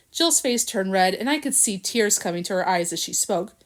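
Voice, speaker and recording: Lively woman reading a storybook. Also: medium pitch, moderate pace, hardly any pauses. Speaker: reader. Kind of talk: storybook narration.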